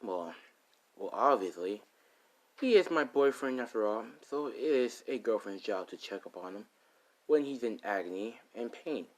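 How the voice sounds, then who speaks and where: A man's voice: lowish voice, lively intonation, normal speed, natural voice. A man voicing a jealous, possessive teenage girl who turns from sweet talk to snarled insults. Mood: smug. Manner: sugary to his face, snarling insults behind.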